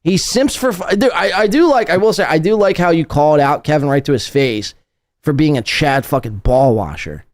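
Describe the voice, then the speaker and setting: A man hosting a casual podcast, teasing his guest and swearing freely with quick laughs. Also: on the high side, animated, dry recording, clean studio sound. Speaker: podcast host.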